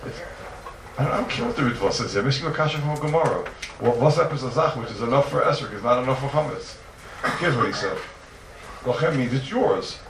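Gravelly teacher, fast questions, echoey room. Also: male voice, mid-range voice. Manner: animated, fires rhetorical questions at students. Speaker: Talmud teacher. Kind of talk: yeshiva-style Talmud class. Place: classroom with students. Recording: roomy, distant mic, noisy ambience.

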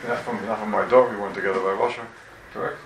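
Male Talmud teacher, raspy, animated lecturer, distant roomy recording with faint room noise. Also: fairly low pitch, quick pace. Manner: animated, rhetorical questions, addresses students. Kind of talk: lively Talmud class lecture.

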